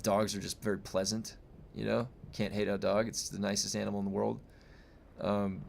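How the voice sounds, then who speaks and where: A man's voice: on the low side, fairly quick, vocal fry, darkish tone. A young adult man streaming, chatting casually with viewers in a rambling way full of fillers and restarts. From United States. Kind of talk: casual chat reading viewer comments.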